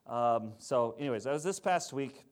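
A man's voice: medium pitch, lively intonation, normal speed. A male pastor preaching a sermon in a conversational storytelling manner, asking the congregation questions along the way.

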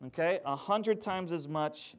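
Guy preaching a sermon, chatty storytelling, kinda higher voice. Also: a little slow. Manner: conversational storytelling, asks the congregation questions. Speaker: pastor.

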